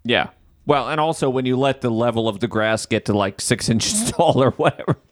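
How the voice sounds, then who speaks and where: A man's voice: medium pitch, lively intonation, moderate pace, no room sound, studio quality. A man hosting a podcast, telling a story in casual chat, swearing freely and acting out his own exasperation. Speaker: podcast host.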